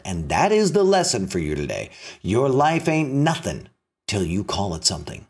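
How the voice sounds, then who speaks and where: Husky, lively-voiced male self-help speaker. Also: moderate pace. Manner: animated, rising pitch when emphatic, drops low and soft for punchlines. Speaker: motivational speaker. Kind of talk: spiritual self-help talk with storytelling.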